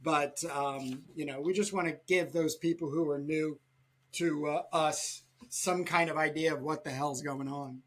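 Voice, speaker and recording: A man hosting a casual podcast chat, talking quickly and rambling with many restarts. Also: on the high side, steady tone, fairly bright tone. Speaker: podcast host.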